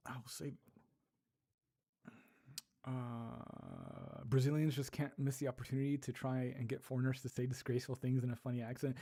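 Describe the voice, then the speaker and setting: A man hosting a casual livestream, reading viewer comments aloud, laughing often and sounding out foreign words slowly. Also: mid-range voice, very animated, creaky, mellow. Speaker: livestream host. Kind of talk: casual livestream chat while learning a language.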